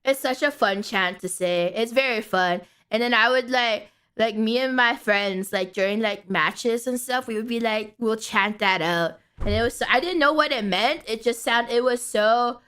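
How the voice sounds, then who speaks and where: High-pitched, bright-voiced young woman streamer. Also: moderate pace, few pauses, smooth. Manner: chatty, rambling, swears casually, chants playfully. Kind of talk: casual late-night stream chat.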